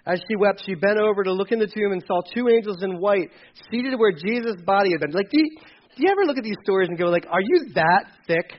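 A man preaching a casual sermon, acting out quotes with sudden loud bursts and quiet drops. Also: high-pitched, animated, fast, muffled recording. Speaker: pastor.

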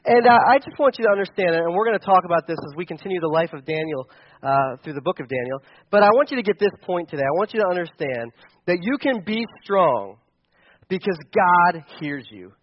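A man's voice: sits high, lively intonation, fairly quick, dry recording, dull audio. A young man preaching a sermon as a pastor, conversational and storytelling, with frequent restarts. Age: young adult.

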